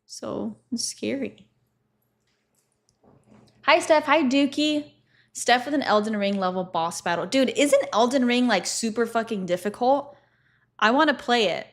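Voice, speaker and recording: A woman's voice: on the high side, lively intonation, a little slow, long pauses. A young woman livestreaming, casually telling stories to her chat, swearing freely and laughing often.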